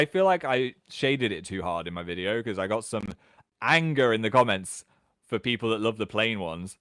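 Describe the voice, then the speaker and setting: A British man in his thirties hosting a casual livestream from home, chatting and reading out viewer comments in an animated way. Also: no echo, studio quality. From England. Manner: chatty, animated, quick jumps in pitch. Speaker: livestream host.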